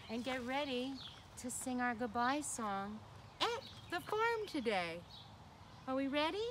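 A woman's voice: high voice, animated, unhurried, noisy background. Sing-song woman hosting a children's show. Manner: sing-song, playful, asks young listeners questions. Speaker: children's program host. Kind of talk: children's sing-along lesson.

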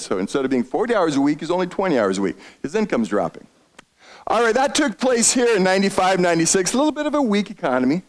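Animated, high-pitched male economist lecturing. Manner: animated, quizzes the audience with questions. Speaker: economist giving a talk. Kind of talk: lively lecture to a retiree audience.

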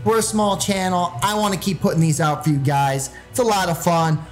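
A man hosting a gaming channel, giving loud, excited gameplay commentary and yelling into his desk mic with sudden high shrieks. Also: fairly quick, rough recording. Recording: music playing behind.

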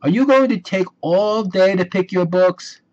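Cast note: pushy little sister bear cub, high and whiny, dull lo-fi sound, voiced by a man. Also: animated, measured pace, darkish tone. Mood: impatient. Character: impatient young female bear cub. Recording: dull lo-fi recording.

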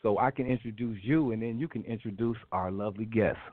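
A man hosting a radio interview show, excitable and prone to repeating himself. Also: on the low side, fairly quick, no room sound. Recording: dry tinny phone-like line.

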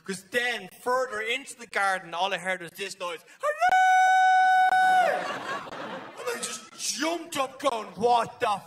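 High-pitched shouty Irish comedian. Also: male voice, normal speed, hardly any pauses, over a noisy crowd. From Ireland. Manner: animated, loud and shouty, swears freely. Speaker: stand-up comedian. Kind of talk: stand-up comedy storytelling. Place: live comedy venue on stage.

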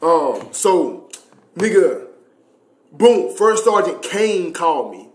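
High-voiced young man telling a story. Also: sing-song, slow. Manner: loose, profane, slang-heavy, rambling. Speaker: streamer. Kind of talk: casual livestream storytelling. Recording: echoey room.

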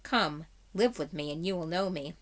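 A woman reading aloud and voicing a male dwarf who slowly quotes a saying. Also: fairly low pitch, natural voice. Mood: agreeing. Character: young male dwarf, plain-spoken and agreeable.

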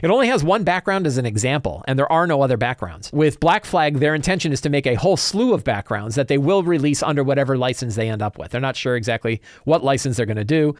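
A man's voice: mid-range voice, lively intonation, fast talker, few pauses, dry recording, studio quality. A man hosting a tabletop role-playing talk show, giving casual solo commentary in a chatty, opinionated way with frequent restarts.

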